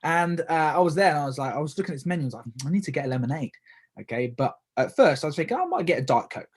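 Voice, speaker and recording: A young man from the UK talks fast through his solo podcast. His voice is husky and a little rough, and he rambles, stopping to correct himself and filling gaps with "um" and "okay". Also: a little high, expressive. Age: young adult. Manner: rambling, with many fillers and self-corrections. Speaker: podcast host. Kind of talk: casual solo podcast talk.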